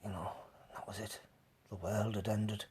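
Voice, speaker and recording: A man's voice: fairly low pitch, little pitch movement, moderate pace, a little mellow, husky. A man hosting a live stream, telling rambling stories to his chat, laughing often and swearing freely. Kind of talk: casual storytelling to live chat.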